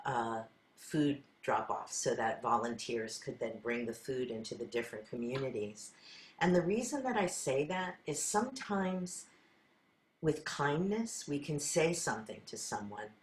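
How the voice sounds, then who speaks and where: An older woman leading a class, telling her own stories in an earnest, conversational way and acting out her side of past conversations. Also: very deep voice. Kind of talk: storytelling talk to a group. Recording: roomy echo.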